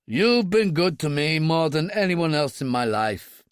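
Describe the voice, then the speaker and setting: A man's voice: on the high side, very animated, a little slow, clear, resonant tone, no room sound, clean studio sound. A man doing an anxious, loyal old servant.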